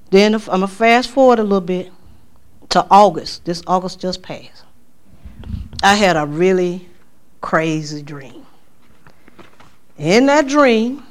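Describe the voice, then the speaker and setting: A woman tells a testimony to a church congregation. She storytells with lively energy, and her pitch shoots up when she acts out her own cries. Her delivery is loose and conversational. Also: clear, resonant tone. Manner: animated storytelling, voice climbing high for quoted exclamations. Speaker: speaker giving a testimony at church. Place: church sanctuary.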